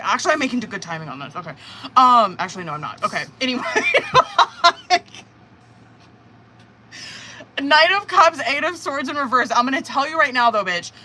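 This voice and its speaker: A woman's voice: mid-range voice, slight background noise. A woman doing a live tarot reading, chatting casually, swearing often and acting out her viewer's feelings. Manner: casual, swearing, animated, acts out the querent's thoughts. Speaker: tarot reader.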